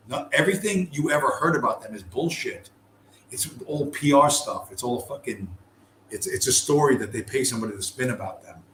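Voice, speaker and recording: In an echoey room with faint background noise, a podcast host with a mid-range, somewhat bright voice rants casually. He's profane and rambling, breaking off into heated asides.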